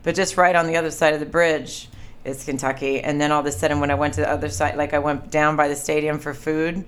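A woman's voice: deep voice, flat delivery, fast talker, smooth. A young woman co-hosting a podcast, telling a rambling story with laughs in a casual chat. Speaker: podcast co-host, comedian.

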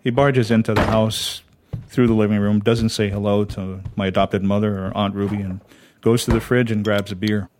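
A man from Hawaii telling a personal ghost story in a measured, dramatic, conversational way. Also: on the low side, flat delivery, background noise. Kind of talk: spoken storytelling. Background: music.

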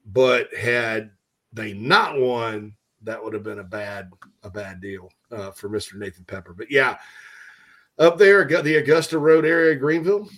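A man's voice: mid-range voice, measured pace, a bit bright. Rambling man hosting sports radio. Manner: rambling, jokey, many fillers and restarts. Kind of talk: casual sports talk.

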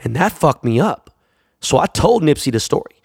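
A man's voice: on the high side, big pitch swings, moderate pace, vocal fry, breathy edge, dry recording, studio quality. A man, a jeweler, telling a long casual anecdote in a profane, rambling way, acting out the people he quotes. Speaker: jeweler and store owner.

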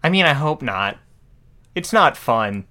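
A man's voice: mid-range voice, very animated, unhurried, sharp tone, voice pushed up. A man voicing a whiny put-upon young guard. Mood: glum complaining. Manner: plaintive, complaining. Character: whiny younger male guard, resentful of his brother.

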